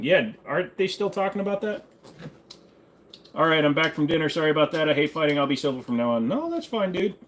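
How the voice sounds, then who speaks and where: A man's voice: on the high side, a little hiss or hum. A man hosting a casual livestream Q&A, joking and irreverent, answering chat questions while fiddling with gear. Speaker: host. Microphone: desk microphone.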